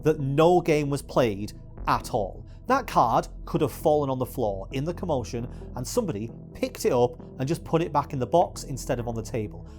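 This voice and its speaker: A man giving exasperated, swearing video essay commentary as a YouTuber. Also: fairly high pitch.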